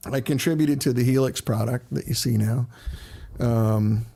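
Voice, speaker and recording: A man's voice: medium pitch, normal speed, creaky, mellow. A middle-aged man hosting a casual livestream, chatting loosely and greeting viewers by name as he answers their questions.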